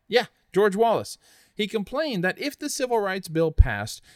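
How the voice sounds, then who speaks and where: Lively earnest man hosting a history podcast. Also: medium pitch, no echo, clean studio sound. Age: adult, after college. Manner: lively, earnest, chatty asides. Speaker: podcast host. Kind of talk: conversational history narration.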